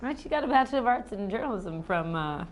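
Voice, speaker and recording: A woman's voice: medium pitch, lively intonation, quick pace, slight background noise. A woman co-hosting a casual podcast, reacting with frequent giggles and easy amusement. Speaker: podcast co-host. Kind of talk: casual chat.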